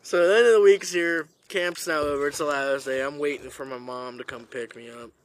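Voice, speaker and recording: A young man hosting a podcast, telling a story in an animated, profane way. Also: on the high side, fairly quick. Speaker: podcast host. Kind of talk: casual storytelling.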